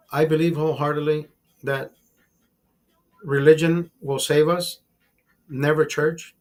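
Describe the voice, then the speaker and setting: A man with a fairly high-pitched voice hosts a casual livestream. He swears freely and talks emphatically. He keeps calling his listeners brother and circles back over the same words as he rants. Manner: repeats and restarts words while ranting. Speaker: livestream host.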